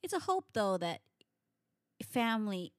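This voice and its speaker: A woman's voice: medium pitch, big pitch swings, a little slow, no room sound, clean studio sound. A woman hosting a podcast in casual chat, giggly, upbeat and jokey. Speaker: podcast host.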